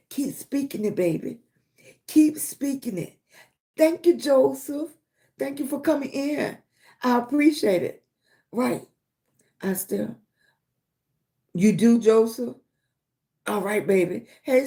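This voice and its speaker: A woman from Virginia, USA, talks slowly in a slightly high, warm voice while hosting a livestream. She gives motivational talk and greets viewers, calling them baby and sweetie. She keeps asking "right?"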